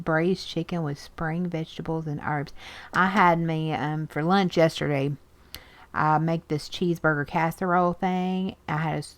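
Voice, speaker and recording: A woman chatting casually as she sorts through magazines, exclaiming over pictures and reading bits aloud. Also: low voice. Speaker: art journaling video host. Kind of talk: casual chat while sorting magazines.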